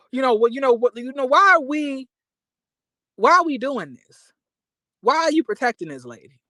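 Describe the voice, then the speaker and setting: A man vlogging reality TV commentary in an animated, emphatic, profane rant with quick apologetic asides. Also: extremely high pitch, no echo.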